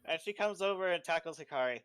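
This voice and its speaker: A man runs a tabletop game with casual, filler-heavy narration. His voice is slightly high, smooth and crisp, and it sounds dry and close to the mic. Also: lively intonation, fast talker, a bit bright, dry recording. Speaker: game master.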